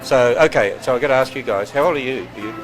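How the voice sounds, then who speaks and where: Australian man in his 60s, casual tour host, joking with visitors, even mid pitch, light music under. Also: quick pace, poor audio. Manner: chatty, jokey, laughs often. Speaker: ministry president giving a tour. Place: walking through a building and outdoors.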